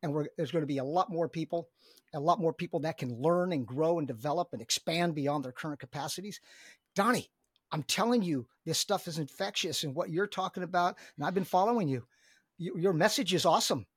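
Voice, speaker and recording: A man's voice: on the high side, fairly quick, husky, no room sound, studio quality. A middle-aged man, a business coach talking as a podcast guest, enthusiastic and emphatic, often repeating his words. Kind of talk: energetic podcast conversation.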